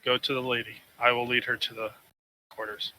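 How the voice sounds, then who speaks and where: A man's voice: medium pitch, level tone, brisk, over music, poor audio. A man playing a tabletop game, checking details and giving in-character orders. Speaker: player.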